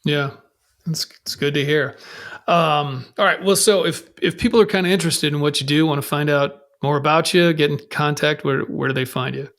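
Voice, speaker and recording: A man hosting a podcast, chatting in a relaxed, frank way with fillers. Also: fairly high pitch, moderate pace. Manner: relaxed, frank, drops in fillers like "you know". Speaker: podcast host. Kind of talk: casual conversation.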